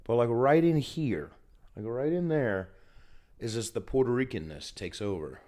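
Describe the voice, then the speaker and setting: A man hosts a solo comedic podcast, filming himself on camera as he rants and riffs, swearing a lot while getting over a cold. His mid-range voice is expressive and dark-toned, at a normal speed.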